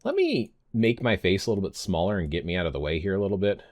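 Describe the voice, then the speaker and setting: Man, fifties, deep voice, rambling, self-correcting, casual vlog talk. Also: huge pitch swings, fast, a little mellow, no room sound, studio quality. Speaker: pagan vlogger.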